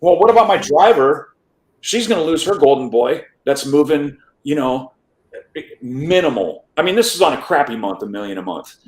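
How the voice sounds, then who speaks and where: A man's voice: on the high side, big pitch swings, moderate pace. Man telling a story in a roomy space. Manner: rambling, restarts with repeated words, asks "right?" often. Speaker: interview guest. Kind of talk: casual storytelling in a podcast interview.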